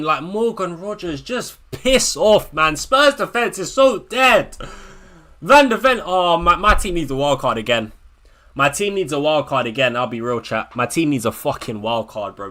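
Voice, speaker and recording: Man, stream host, bright forceful voice, slightly high, mutters then rants, swears, repeats himself. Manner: swings from low muttering to loud ranting. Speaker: livestream host. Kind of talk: live fantasy football watchalong.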